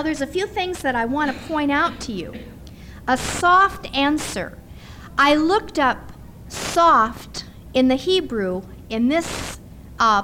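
High-voiced woman preaching conversationally. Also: a little hiss or hum. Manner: conversational, animated storytelling. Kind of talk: sermon with personal story.

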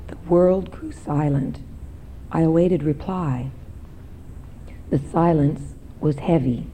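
Slow, mellow woman reading a poem aloud. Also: deep voice, low-quality recording. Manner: slow, building to anguished cries. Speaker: congregation member reading a poem. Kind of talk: dramatic poetry reading.

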